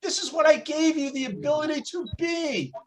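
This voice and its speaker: A man voicing God as an excited, kindly male deity who speaks with a raised, eager voice in a religious class story. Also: very high-pitched, a little slow, full character voice.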